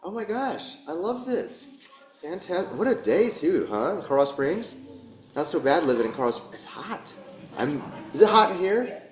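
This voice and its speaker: A man's voice: high-pitched, big pitch swings, normal speed. Chatty male yoga teacher, echoey room. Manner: chatty, joking, encouraging. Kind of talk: casual class talk. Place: warm studio room with a group.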